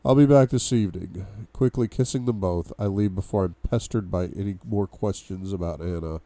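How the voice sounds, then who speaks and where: A man's voice: sits low, moderate pace, warm tone, no echo. A young man reading a novel aloud for a book club, with asides to his viewers. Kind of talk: audiobook-style reading.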